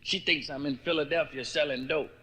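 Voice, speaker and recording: A man's voice: a little high, fairly even intonation, fairly quick, heavy background noise. A man doing a stand-up comedy routine who tells jokes loosely, with stammers and asides.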